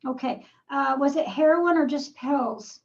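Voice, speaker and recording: A woman's voice: high voice, a little slow, muffled recording. A woman psychic medium giving a live reading, asking probing questions and calling the sitter darling and sweetheart.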